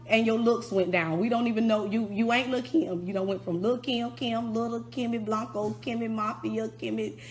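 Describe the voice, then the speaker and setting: Woman, middle-aged, rapper, ranting song review, blunt, cursing, scolding, high-set voice. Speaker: rapper turned commentator.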